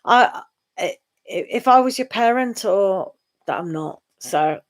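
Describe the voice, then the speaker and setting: A middle-aged English woman with a British accent and a medium-pitched, lively voice reads tarot on a live stream. She chats casually with viewers, sighing and laughing, her talk slow and drawn out.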